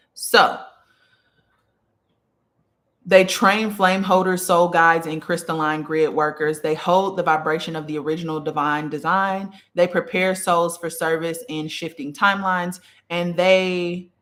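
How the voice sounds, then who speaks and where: A spiritual teacher hosts a relaxed live stream from notes, in a small room where a candle and incense are burning. The voice is mid-range and a bit bright. Throughout, "okay?" recurs and viewers get greeted mid-lesson.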